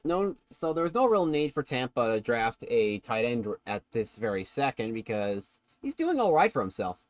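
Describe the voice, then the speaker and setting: A man streaming himself calling a football video game play-by-play in a casual way, correcting himself and bursting with excitement on big plays. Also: medium pitch, normal speed, dry recording.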